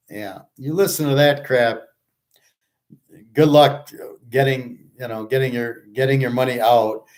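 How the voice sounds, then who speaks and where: A man's voice: medium pitch, steady tone, unhurried, a little mellow. A man hosting a show, ranting casually and bluntly with lots of swearing, rambling and restarting his sentences. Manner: blunt, profane, ranting and scoffing. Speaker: show host and handicapper. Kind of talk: casual monologue.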